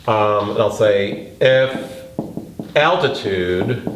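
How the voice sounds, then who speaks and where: A male math teacher talks through a geometry proof at an unhurried, deliberate pace. His voice sits at an ordinary pitch and carries the echo of a roomy space, with a faint hiss underneath. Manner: slow, thinking aloud while working a proof. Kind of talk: geometry lesson lecture. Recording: roomy recording with faint noise.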